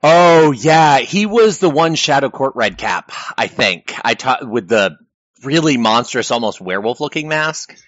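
A man recaps a live-action role-playing game in casual chat, telling it as a lively story and laughing often. His voice sits close and dry. The recording is dull and lo-fi. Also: mid-range voice, unhurried, dry recording.

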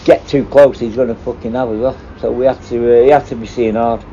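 Speaking a little fast with a steady, dark, mid-range voice, a man recounts his days as a prison officer in meandering, profanity-filled stories. The casual chat is recorded in dull lo-fi quality with faint noise.

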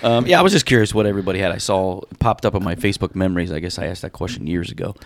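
Easygoing low-voiced podcast host. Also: male voice, rapid-fire. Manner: easygoing, reads out the topics. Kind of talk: casual chat.

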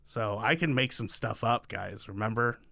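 A man's voice: on the low side, normal speed, vocal fry, crowd noise. A man co-hosting a podcast, joking and rambling with lots of restarts and fillers in a casual chat. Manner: jokey, rambling, many restarts and "like"s. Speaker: podcast co-host.

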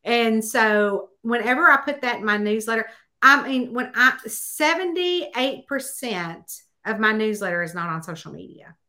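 A woman guest on a casual podcast, talking about her writing work with a bright, slightly high voice. She tells chatty stories and breaks into high, excited exclamations when acting out dialogue. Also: unhurried. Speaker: guest author.

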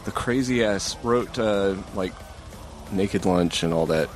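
Low-voiced man rambling on a podcast. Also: soft background music. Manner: rambling, halting restarts. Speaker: podcast co-host. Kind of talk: casual podcast chat.

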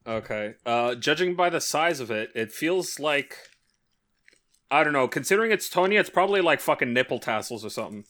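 A young man chatting casually on a podcast, rambling and halting, with lots of filler and swearing. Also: mid-range voice, expressive, fairly bright tone. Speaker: podcast co-host. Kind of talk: casual chat.

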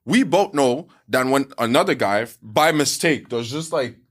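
Animated man telling stories, filler-heavy. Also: mid-range voice, a little slow. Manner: animated storyteller, acts out quotes, many "like" fillers. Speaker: podcast co-host. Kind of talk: casual podcast storytelling.

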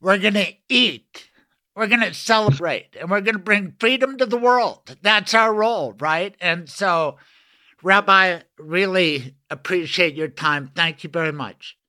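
An older man hosting a podcast, with a high voice that is very bright and sharp. His speech is smooth and clear. He talks in an earnest, emotional and rambling way. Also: lively intonation, unhurried. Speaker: podcast host. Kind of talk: casual interview conversation.

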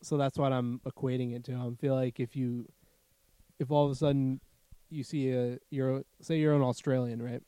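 A man's voice: medium pitch, flat delivery, normal speed, dark tone, smooth, dry recording. A man in casual, profane chat who laughs a lot and slips into silly animal voices.

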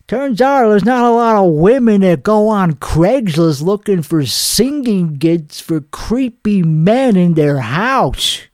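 Man doing a hoarse, cocky crude singer. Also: high-pitched, darkish tone, no room sound, studio quality. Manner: rambling, profane, cocky riffing. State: hoarse from singing. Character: crude, boastful male singer, self-absorbed and rambling. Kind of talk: comedic character monologue.

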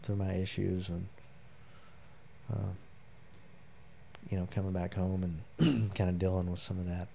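A man's voice: low-pitched, flat delivery, a little slow, vocal fry, long pauses, mellow, slight background noise. A middle-aged man, a military veteran, telling personal stories as an interview guest in a rambling, heartfelt way with many fillers. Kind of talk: personal storytelling in a long interview.

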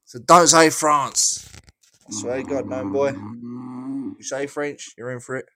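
Young English man, drunk, loud crude banter, mid-pitched voice, noisy voice-chat audio. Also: a little slow. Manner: rowdy, crude, slurring banter. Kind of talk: casual voice chat.

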